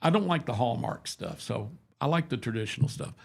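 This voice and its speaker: A man's voice: medium pitch, very animated, fairly quick, gravelly, slightly rough. Chatty older man telling stories. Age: 70s. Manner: rambling, folksy, self-deprecating. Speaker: radio show host. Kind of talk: casual storytelling chat.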